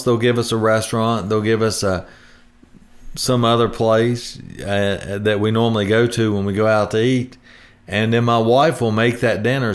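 A man hosting a retirement planning show in a chatty, homespun way, rambling with restarts. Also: on the low side. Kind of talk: folksy radio talk.

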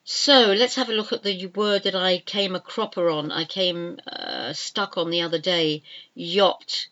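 Older lady teaching spelling, slow and careful, kinda low voice, dull lo-fi sound. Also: steady tone, a bit bright. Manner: slow, careful, repeats each word several times. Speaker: English teacher. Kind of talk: spelling lesson, spelling words out letter by letter.

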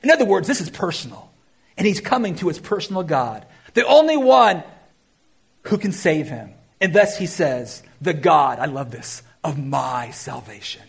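A man preaching a sermon, addressing the church with emphatic rises and quiet, drawn-out phrases. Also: on the high side, very animated, gravelly, husky. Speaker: pastor.

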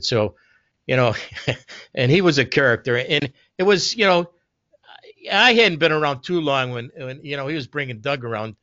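A man's voice: mid-range voice, expressive, moderate pace, pushed and bright, dry recording. Rambling man telling old stories. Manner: rambling anecdotes with many restarts and reported speech. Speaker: storyteller in a group conversation. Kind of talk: casual reminiscing. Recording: dull lo-fi recording.

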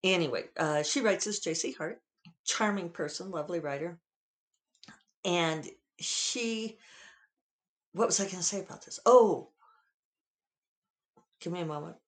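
A frank podcast host talking casually with a Western US drawl. The voice sits at a middle pitch and wanders from point to point, dropping profanity without hesitation. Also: unhurried, pauses often. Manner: candid, digressive, freely profane.

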